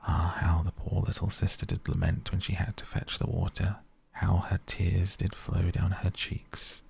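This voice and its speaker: A man reading a fairy tale aloud in a soft bedtime storytelling voice, at times half-whispered. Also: level tone, measured pace, slight background noise. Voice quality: gravelly, breathy low voice. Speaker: sleep podcast reader. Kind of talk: softly spoken bedtime storytelling.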